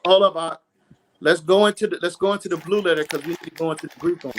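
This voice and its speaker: A man's voice: on the high side, fairly even intonation, quick pace, noisy background. A man hosting an online debate broadcast over a video call, talking emphatically and addressing listeners as family. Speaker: host.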